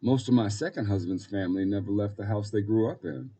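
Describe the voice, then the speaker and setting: A man voicing a loving older woman who tucks a young foster boy into bed, speaking gently and soothingly. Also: on the low side, brisk, slightly rough. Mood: gentle.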